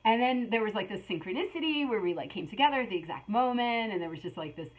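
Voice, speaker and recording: A woman's voice: mid-range voice, lively intonation, quick pace, poor audio. A middle-aged woman giving a casual spiritual tarot reading, rambling with many fillers and restarts. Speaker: tarot reader.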